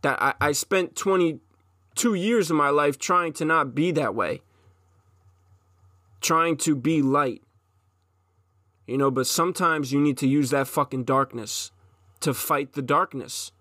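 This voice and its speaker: A man's voice: on the high side, a little slow, long pauses, sharp tone, dry recording, studio quality. A man in his twenties gives an intense, profane solo monologue as a podcast host, often restarting his sentences.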